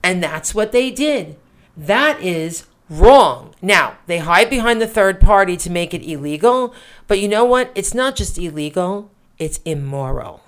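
A woman's voice: on the low side, lively intonation, a little slow. A woman co-hosting a political podcast, talking in an indignant, emphatic way with rhetorical questions. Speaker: podcast co-host.

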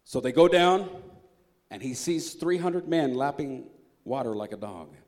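A man preaching a sermon as a pastor, retelling a Bible story in a lively, joking storyteller's way and acting out the characters. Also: mid-range voice, unhurried. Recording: echoey hall reverb.

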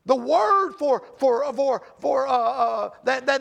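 A man preaching a sermon in a conversational way, asking his listeners questions, swinging from shouted peaks down to quiet, low passages. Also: lively intonation, takes it slowly, creaky, few pauses. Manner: conversational, asks the congregation questions. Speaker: pastor.

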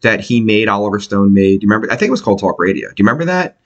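A man hosting a podcast, talking in casual profane chat and slipping into quick impressions. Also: on the low side, sing-song, lo-fi sound. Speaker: podcast host.

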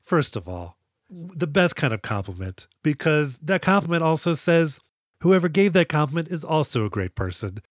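A man co-hosting a podcast in casual chat, animated and profane, acting out characters as he retells scenes. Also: on the high side, moderate pace, dry recording, clean studio sound. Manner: animated, swears a lot, acts out characters in quoted lines. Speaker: podcast co-host.

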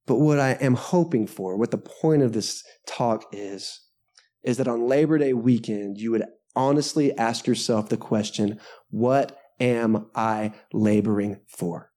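A man's voice: medium pitch, normal speed, dark tone. A male pastor preaching a sermon to a live congregation, conversational and joking, with self-deprecating asides. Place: church service before a live congregation.

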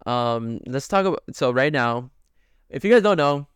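A man's voice: medium pitch, lively intonation, moderate pace, clear, resonant tone, no room sound, clean studio sound. A man co-hosting a podcast in casual chat, loose and rambling, with many fillers. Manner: loose and chatty, lots of fillers. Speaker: podcast co-host.

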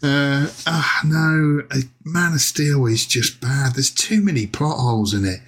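A man with an English accent hosting a casual podcast chat, chatty, laughing often and filling pauses with many ums. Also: mid-range voice, fairly bright tone. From England. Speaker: podcast host.

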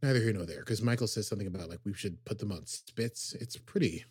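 A man co-hosting a podcast, casually recapping an episode with lots of fillers and quick acted quotes. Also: on the low side, darkish tone, slightly rough, dry recording. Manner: rambling, filler-heavy summarizing with acted quotes. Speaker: podcast co-host.

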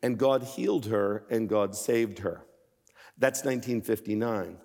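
A man in his sixties preaching a sermon as guest speaker, shifting from measured storytelling to impassioned, emphatic appeals. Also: fairly low pitch, vocal fry, darkish tone, long reverb tail. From Pennsylvania. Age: 60s.

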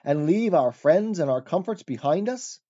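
A man's voice: a little high, expressive, moderate pace, dark tone, highs cut off, natural voice. A man reading the part of a stubborn, scornful neighbour who dismisses others in old-fashioned speech.

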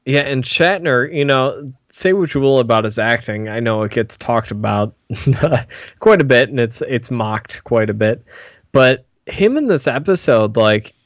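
A man's voice: mid-range voice, expressive, measured pace, no room sound. A man co-hosting a podcast, chatting casually and with enthusiasm about a TV episode. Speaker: podcast co-host. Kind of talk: casual chat.

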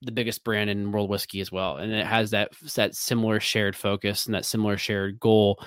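A man's voice: fairly low pitch, flat delivery, brisk, fairly bright tone, clear, resonant tone, no echo. A man with a Midwestern American accent, a whiskey brand ambassador talking loosely in an interview, full of fillers and restarts. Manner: rambling, many fillers and restarts. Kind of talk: casual interview talk.

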